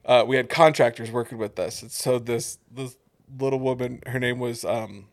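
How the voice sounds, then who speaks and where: A young adult man telling stories, swearing freely and acting out the people in them. His pitch sits in a plain middle range. The talk is a loose, rambling podcast chat. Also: moderate pace. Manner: profane, animated storytelling with acted quotes. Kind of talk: casual storytelling chat.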